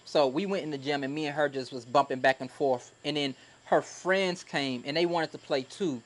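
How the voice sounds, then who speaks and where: A man who used to teach, co-hosting a podcast and telling a story in a casual, animated and heartfelt way. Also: on the high side, normal speed, hardly any pauses. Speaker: podcast co-host, former teacher.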